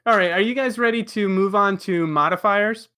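Give me a podcast host who laughs often and leads a relaxed group conversation. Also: medium pitch, normal speed, clear, resonant tone. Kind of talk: casual group chat.

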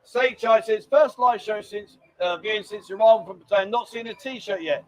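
A man's voice: high-pitched, normal speed. A man hosting a casual live stream from a lounge bar, chatting with viewers and reading their messages aloud. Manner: chatty, reads viewer messages aloud, calls people mate. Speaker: livestream host.

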